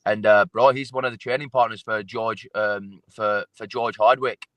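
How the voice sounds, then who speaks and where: A man's voice: lowish voice, steady tone, moderate pace, a bit bright, no room sound. A man, a fighter talking casually as an interview guest, blunt and sweary, often repeating himself. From England.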